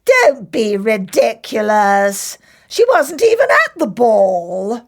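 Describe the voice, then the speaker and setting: A woman's voice: a little high, huge pitch swings, slow, vocal fry, full character voice. A woman voicing a haughty, scornful stepmother with a sneering, disdainful manner.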